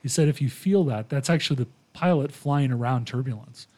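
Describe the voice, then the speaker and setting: Man retelling a story with animated quotes. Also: medium pitch, brisk. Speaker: podcast host. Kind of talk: casual storytelling chat.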